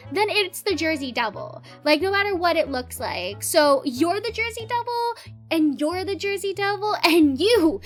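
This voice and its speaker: A woman with a high, bright-toned voice talks through her video in loose, unscripted chat. She giggles often, breaking into her own sentences, and drops casual swears into jokey asides. Faint music plays quietly behind her. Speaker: YouTube host presenting cryptids.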